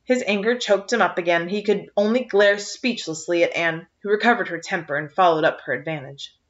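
A woman reading a novel aloud, narrating a chapter in a steady, even-paced way on a dull lo-fi recording. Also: lowish voice, fairly quick, recorded from a distance. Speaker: reader. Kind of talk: audiobook narration.

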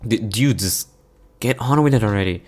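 A man's voice: fairly low pitch, normal speed, close to an everyday voice. A man voicing a grumpy, impatient young woman in a visual novel, blunt and curt.

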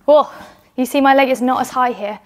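A young British woman with a high, slightly fast and slightly mellow voice coaches children through gymnastics exercises at home. She sounds encouraging and a little out of breath as she demonstrates indoors.

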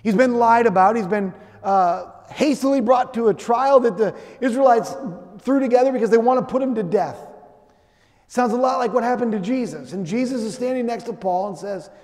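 Middle-aged man, pastor, high voice, conversational sermon, long church reverb. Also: normal speed, darkish tone. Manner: conversational storytelling with acted asides. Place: church sanctuary.

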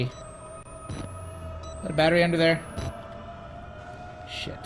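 A man's voice: a little high, steady tone, fairly quick, long pauses, soft background music. A man hosting a let's play of a horror game, talking to himself in a jittery way and yelping and shrieking when scared.

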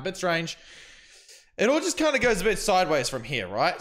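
Rambling streamer recapping. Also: male voice, a little high, a bit bright. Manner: rambling, filler-heavy storytelling. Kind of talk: commentary recap to camera.

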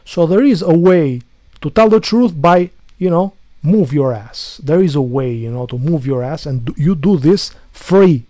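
A man's voice: a little high, lively intonation, measured pace, hardly any pauses, warm tone, dry recording. A man delivering an angry ranting monologue to viewers, full of insults, repetition and stumbling restarts. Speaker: video blogger.

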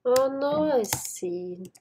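An excitable woman chats slowly through casual gameplay commentary, her higher voice swinging widely in pitch. Her English has a non-native phrasing, and she shouts when she jumps. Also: slight background noise. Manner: excitable, talks to the viewers while playing, shouts at jumps. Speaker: gaming YouTuber.

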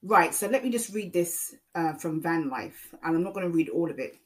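Woman ranting on her youtube channel, kinda low voice, loops back a lot, lots of ums. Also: expressive, moderate pace, few pauses, low-quality recording. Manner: rambling, repeats herself with frequent ums. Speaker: YouTube commentator. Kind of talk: casual commentary monologue.

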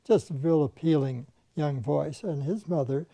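An older man with a gravelly, somewhat high voice recalls his animation studio days in relaxed conversation. He spins anecdotes and mimics the people in them. His tone is mellow and the sound is close and dry. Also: moderate pace, no room sound. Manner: anecdotal storyteller who mimics the people he quotes. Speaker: veteran animation filmmaker. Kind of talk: reminiscing conversation.

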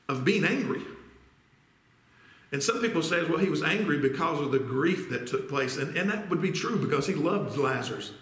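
A man preaching an earnest, deliberate sermon as pastor, asking rhetorical questions. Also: fairly high pitch, fairly bright tone, echoey room. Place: church sanctuary.

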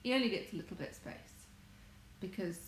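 With a medium-pitched, brisk voice and lively intonation, an adult English woman chats on a livestream from her home conservatory. She is a married crafts vlogger who rambles and self-corrects as she talks. The room sounds echoey, with faint noise behind her.

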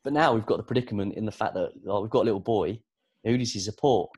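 Fast-talking and slightly rough, this low-voiced British sports producer and presenter is a podcast guest in a casual interview. He storytells in a chatty, animated way with plenty of fillers.

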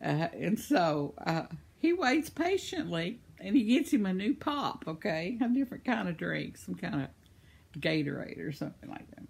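Older woman, husky, laughing storyteller. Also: lowish voice, very animated, moderate pace, darkish tone. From United States. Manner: chatty, rambling, laughs often. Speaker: vlogger. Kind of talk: casual storytelling.

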